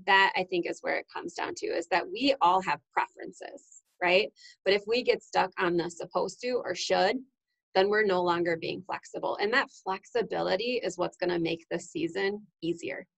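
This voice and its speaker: A woman's voice: lowish voice, vocal fry, a bit bright, low-quality recording. A woman in her thirties from Iowa, giving an earnest, casual motivational talk at home, with a lot of "right?" and "um". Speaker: wellness vlogger.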